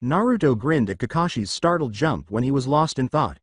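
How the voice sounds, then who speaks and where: A man narrating a fan fiction story in a steady reading voice. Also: mid-range voice, normal speed, hardly any pauses, husky, no echo, studio quality.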